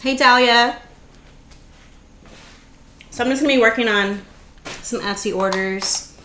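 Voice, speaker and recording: A woman's voice: fairly high pitch, measured pace, fairly bright tone, a little hiss or hum. Chatty woman hosting a live stream. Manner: chatty, greets viewers by name, laughs easily. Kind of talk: casual live stream chat. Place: home craft room. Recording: roomy echo.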